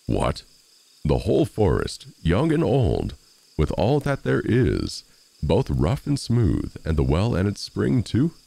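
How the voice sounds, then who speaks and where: A man voicing a huge, dim-witted male giant in a storybook reading, with slow, growling speech. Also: low-pitched, wildly swooping pitch, creaky, warm tone, voice pushed up, full character voice. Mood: fearful.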